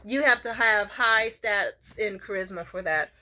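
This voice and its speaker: A young vlogger tells a story in a casual, animated chat, swearing freely and taking her time. When she quotes people, she jumps into squeaky high voices.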